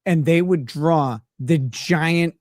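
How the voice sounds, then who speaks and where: Man, podcast host, crude joking stories, slightly high voice, dry sound. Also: slow pace, darkish tone, dry recording. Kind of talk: casual chat. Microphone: streaming call setup.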